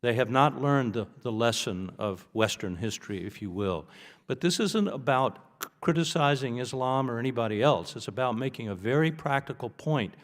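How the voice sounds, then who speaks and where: A man from the United States giving congressional testimony as an expert witness, arguing in a deliberate, emphatic way with some restarts. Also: medium pitch, expressive. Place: congressional hearing room. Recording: reverberant hearing room.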